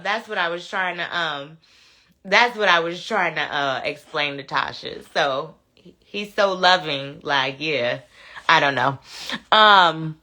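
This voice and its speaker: A woman's voice: medium pitch, sharp tone. A woman hosting a casual live chat, reading viewer comments aloud, laughing and talking back to them. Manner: chatty, laughs often, talks back to commenters.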